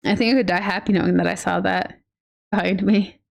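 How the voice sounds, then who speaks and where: A woman's voice: mid-range voice, fairly even intonation, fairly quick, creaky. A woman streaming a game and chatting casually, rambling through playful stories with lots of fillers and a giggly, affectionate manner. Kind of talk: casual gameplay chat.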